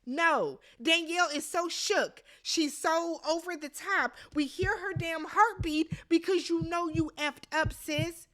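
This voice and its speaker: High bright woman, animated, blunt, swears a lot, recapping a show. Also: a little slow, few pauses. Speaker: recap host. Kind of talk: casual TV recap commentary.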